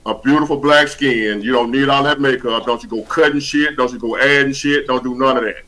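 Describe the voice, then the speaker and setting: A man's voice: mid-range voice, steady tone, fairly quick, bright, forceful tone, rough recording. A man hosting a livestream over a video call, talking bluntly and preachily in casual slang with plenty of cussing. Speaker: livestream host.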